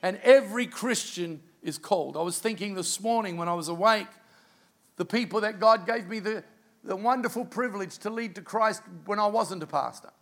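Telling a personal story during his sermon, this middle-aged Australian pastor is animated, with hushed asides along the way. He speaks at a moderate pace in a high, creaky voice.

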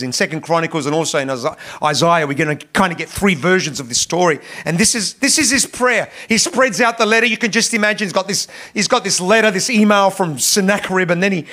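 Man, pastor, sermon, high-pitched, impassioned, repeats himself. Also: pushed and bright. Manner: impassioned, rising in pitch on emphasis, frequent repetitions.

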